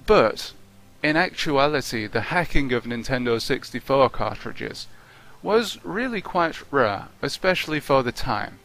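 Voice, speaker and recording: A man talking through a video game review off the cuff, his voice bright and forward. His tone is wry and conversational, with a mid-range pitch. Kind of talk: unscripted video review narration.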